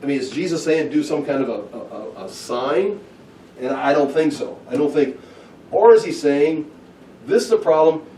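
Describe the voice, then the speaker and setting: A man teaching through a Bible passage, talking casually and acting out the scenes with lively bursts. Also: medium pitch, normal speed, a little hiss or hum. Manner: animated, acts out scenes with excited outbursts. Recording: echoey room, heard from a distance.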